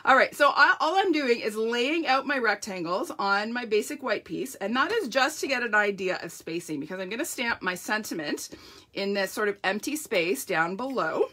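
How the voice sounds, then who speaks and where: Bright, chatty woman demonstrator, slightly croaky and sniffly, casual live tutorial. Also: on the high side, animated, moderate pace. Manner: chatty, laughs often, says "like". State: sniffly runny nose. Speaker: papercraft demonstrator.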